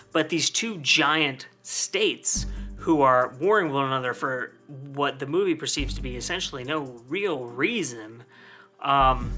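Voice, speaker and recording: A man's voice: mid-range voice, bright, forceful tone. A man giving a casual film review, rambling with many fillers.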